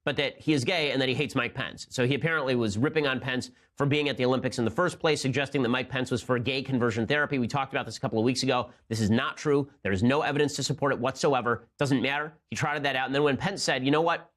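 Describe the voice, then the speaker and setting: Male political commentator at mid pitch, fast-talking, sarcastic and argumentative. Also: a bit bright. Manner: rapid-fire, sarcastic, argumentative.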